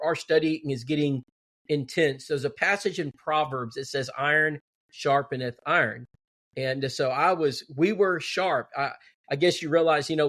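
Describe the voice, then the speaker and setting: A middle-aged man telling a story in casual, animated talk and acting out what others said. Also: a little high. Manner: animated, quoting others in dialogue. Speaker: guest telling a testimony.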